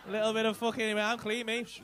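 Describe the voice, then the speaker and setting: Against a noisy background, a man with an English accent and a high, monotone voice talks briskly into a handheld stage mic. It's live stand-up crowd work in a comedy club, with cheeky, sweary banter teasing the audience.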